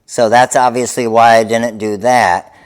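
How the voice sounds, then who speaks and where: Slow-talking upbeat man demonstrating crafts. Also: mid-range voice, fairly even intonation, clear, resonant tone. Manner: upbeat, talks viewers through each step. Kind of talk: live craft tutorial.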